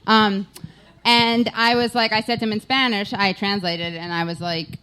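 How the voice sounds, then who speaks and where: A woman host in casual live-show banter. She rambles through jokey stories at an ordinary pitch for a woman. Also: fairly even intonation, normal speed, sharp tone, smooth. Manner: rambling, joking anecdotes.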